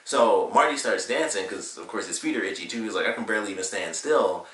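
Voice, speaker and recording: A man's voice: lowish voice, fast, fairly bright tone. A man casually retelling a cartoon episode as a reviewer, rambling and filling his sentences with "like" and "you know.". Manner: rambling, filler-heavy retelling with lots of "like". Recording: roomy, slightly distant mic.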